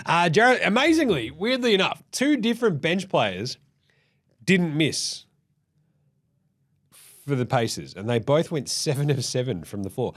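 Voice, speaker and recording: A man's voice: fairly high pitch, normal speed. A man hosting a casual, sweary sports recap. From Australia. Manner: sweary, blunt, animated. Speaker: host.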